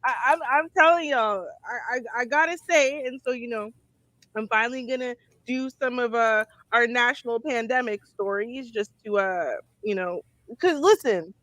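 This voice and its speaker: A woman's voice: on the high side, normal speed, fairly bright tone, no room sound, low-quality recording. Laid-back storytelling woman co-host. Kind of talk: casual chat.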